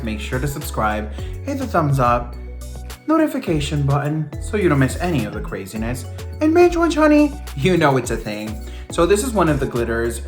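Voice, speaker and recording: A young man reviewing a makeup palette in a sassy, animated way, full of campy slang, with playful swoops up in pitch. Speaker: beauty vlogger.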